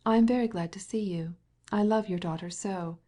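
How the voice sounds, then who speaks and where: A woman's voice: medium pitch, normal speed, dark tone, lightly acted. A woman voicing a pious older invalid lady with sweetly pained speech, in an audiobook.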